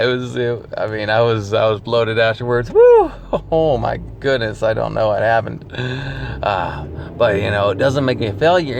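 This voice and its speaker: Man, casual vlogger, rambling and self-mocking, gravelly low voice, noisy background. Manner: rambling, self-deprecating, laughs often. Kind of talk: casual vlog monologue.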